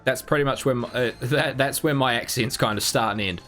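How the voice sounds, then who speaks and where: A man's voice: medium pitch, brisk, a bit bright, faint music behind. Rambling young man streaming a game. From New Zealand. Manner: rambling, self-mocking, lots of restarts. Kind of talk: casual gameplay chat.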